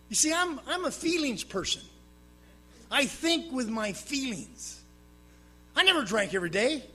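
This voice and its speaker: In a sing-song, slightly rough voice and at a slightly fast clip, a man shares his own recovery story with a live audience at a meeting. His delivery is plain with dry humor, swinging from loud, emphatic bursts to quiet, hushed asides.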